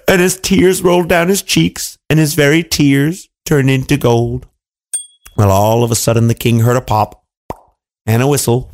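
A man telling a fairy tale to children in an animated, playful way, with asides to his listeners. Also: medium pitch, normal speed. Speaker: storyteller. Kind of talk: children's storytelling.

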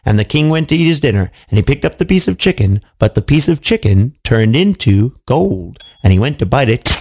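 Brief: lively children's storyteller, man, swooping pitch, gravelly voice, playful asides. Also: normal speed, hardly any pauses. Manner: animated, playful asides to listeners.

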